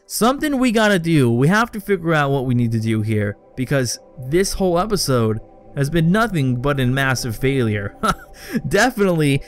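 Young guy narrating his game, swears a lot when it goes wrong, slightly high voice. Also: big pitch swings, moderate pace, faint music behind. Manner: swearing, exasperated outbursts at the game. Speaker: let's play host. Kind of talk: casual gameplay commentary.

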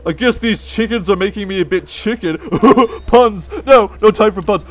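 High-voiced jumpy gaming commentator man. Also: moderate pace, hardly any pauses. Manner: jumpy, easily startled, giggly. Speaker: let's play host. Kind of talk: gameplay commentary.

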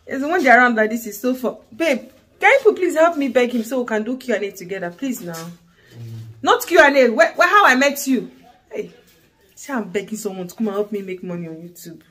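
A woman's voice: a little high, expressive, fairly quick, fairly bright tone. A woman, chatting casually to the camera in a home vlog, emotional and soothing toward the children. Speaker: vlogger. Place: family home, indoors.

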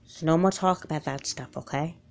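A woman playing a gentle mother in a home-made doll film, patient and warm-hearted but firm when she needs to be. She talks softly and coaxingly in a fairly low voice, reassuring her child again and again. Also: brisk. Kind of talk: amateur doll film voice acting.

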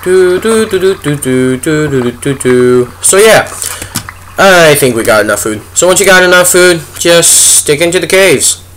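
A man's voice: medium pitch, a bit bright, a little hiss or hum. A young man giving goofy, chatty let's play commentary as a gaming video host, talking to the animals in the game. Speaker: gaming YouTuber.

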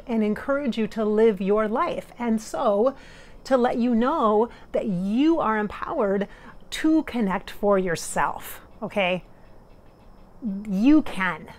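A middle-aged woman working as a spirit medium talks casually to her viewers. She is earnest and emotional, laughs often and tears up. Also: fairly high pitch. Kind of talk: casual monologue during a channeling session.

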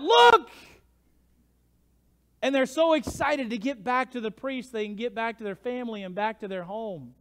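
A man preaching a sermon as pastor, telling the story with swings from hushed to shouting. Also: very high voice. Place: church sanctuary. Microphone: livestream church mic.

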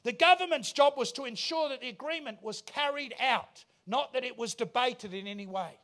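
A man preaching a sermon in a large church auditorium, emphatic and rising to shouts. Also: extremely high pitch, normal speed. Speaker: pastor.

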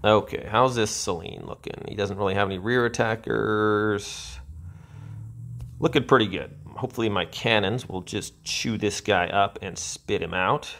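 A man giving frustrated gameplay commentary as a channel host, sighing and ranting with drawn-out insults at the game. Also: lowish voice, a bit bright, a little hiss or hum.

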